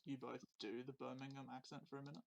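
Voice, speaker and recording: A man's voice: medium pitch, flat delivery, fast, vocal fry, dry recording. A man co-hosting a casual podcast, playful and teasing in his remarks. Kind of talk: casual chat.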